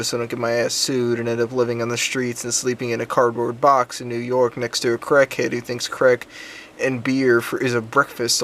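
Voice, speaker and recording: A man's voice: medium pitch, fairly bright tone, slight background noise. Young man rambling profanely on his vlog. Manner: profane, rambling, crude jokes; frequent ums and restarts. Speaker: vlogger. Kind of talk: casual storytelling vlog.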